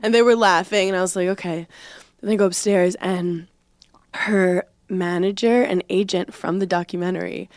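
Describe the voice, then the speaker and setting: A woman's voice: fairly low pitch, normal speed, no room sound, studio quality. A young woman co-hosting a podcast, telling a story with lots of laughter and acted-out quotes. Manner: animated storyteller, laughs often, acts out quotes. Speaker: podcast co-host. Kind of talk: casual chat, storytelling.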